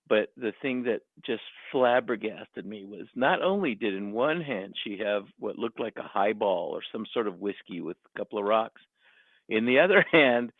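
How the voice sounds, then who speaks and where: A man, a writer, telling a story in a relaxed interview, animated and laughing often as he acts out the voices of people he quotes. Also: fairly low pitch, no room sound. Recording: tinny phone-line sound.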